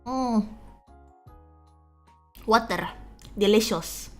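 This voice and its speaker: A woman's voice: medium pitch, extremely slow, a bit bright. A young woman from Indonesia with an Indonesian accent, chatting casually on a stream and greeting viewers, rambling with restarts, her throat sore and phlegmy. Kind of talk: casual chat reading out viewer messages. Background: faint background music.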